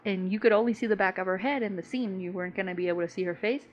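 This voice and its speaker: A woman's voice: fairly low pitch, steady tone, quick pace, hardly any pauses. A woman co-hosting a podcast, telling stories in casual, profane slang, saying "bro" a lot and laughing as she talks. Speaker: podcast co-host. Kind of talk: casual storytelling chat.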